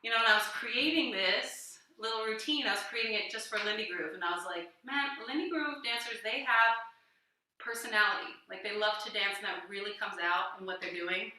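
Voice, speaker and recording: A woman's voice: mid-range voice, a little fast, sharp tone. Woman dance teacher, echoey and distant. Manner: counts and scats rhythms aloud while dancing; encouraging, chatty teaching. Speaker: dance instructor. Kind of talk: livestreamed dance lesson. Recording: echoey room, voice from off-mic.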